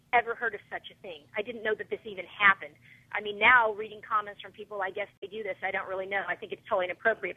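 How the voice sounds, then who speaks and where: A woman calling in to a radio interview, telling an upsetting story in an animated, agitated way with many fillers. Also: medium pitch, husky. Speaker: guest caller, parent of a fan. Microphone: telephone. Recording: tinny phone line.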